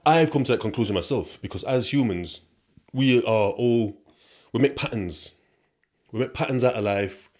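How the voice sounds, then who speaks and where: A man's voice: mid-range voice, normal speed, a little mellow. Chatty young British man with slang. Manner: chatty and rambling, street slang, asides to listeners. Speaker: podcast host. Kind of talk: casual storytelling monologue.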